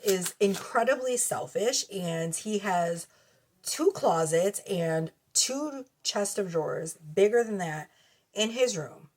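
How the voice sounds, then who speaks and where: A woman with children doing a casual tarot reading to camera at home, blunt and profane, laughing often. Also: lowish voice. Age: adult with children. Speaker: tarot reader. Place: cluttered bedroom at home. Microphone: camera mic.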